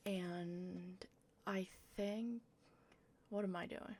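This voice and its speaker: A young woman with a low, gravelly voice narrates her gameplay in a casual, meandering way. She talks slowly and a bit self-deprecatingly, tossing in the odd swear word. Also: steady tone, darkish tone, slight background noise. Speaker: gaming YouTuber.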